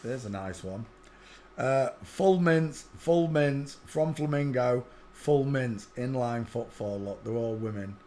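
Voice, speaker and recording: A man giving casual, muttered running commentary as he looks over footage, often speaking softly under his breath. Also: medium pitch, takes it slowly, slight background noise. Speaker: channel host.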